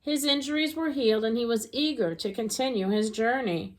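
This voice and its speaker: A woman narrating a children's storybook aloud in an expressive, gentle reading voice. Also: fairly high pitch, a little fast.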